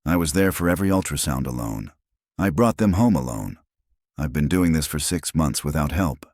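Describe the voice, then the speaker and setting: A man's voice: rumbling low, lively intonation, moderate pace, a little mellow, no echo, studio quality. A man voicing a hurt, angry young mother of triplets who speaks sharply and bitterly. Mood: accusing.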